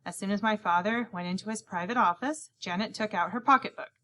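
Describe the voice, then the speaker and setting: A woman's voice: medium pitch, a little fast, pushed and bright. A woman reading a children's novel aloud, narrating as a young boy and acting out the other characters' lines. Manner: reads in a boy's first-person voice, acting out each character's lines. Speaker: audiobook narrator. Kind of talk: scripted narration.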